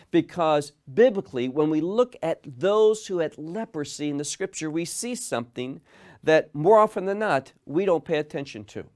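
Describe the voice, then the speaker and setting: Male Bible teacher, slightly high voice, earnest and unhurried, talks listeners through scripture verse by verse. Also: darkish tone. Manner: earnest, repeats words while building a point; asks the listeners reflective questions.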